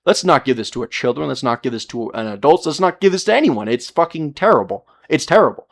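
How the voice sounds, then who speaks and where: A man's voice: medium pitch, animated, fast, creaky. A man briefly putting on the voice of an outraged society, swearing indignantly.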